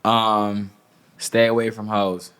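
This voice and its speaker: A man's voice: lowish voice, little pitch movement, slow, fairly bright tone, clean tone. A man talking casually as an interview guest, loose and profane, with lots of "like" and "you know.". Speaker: music industry guest.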